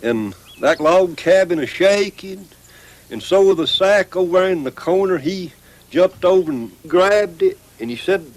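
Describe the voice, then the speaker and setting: A man's voice: sits high, a little slow. A man with an Appalachian accent telling an old folk tale in a drawling dialect, acting out the lines of its characters. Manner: drawling dialect, lively voicing of the quoted lines. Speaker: folk storyteller.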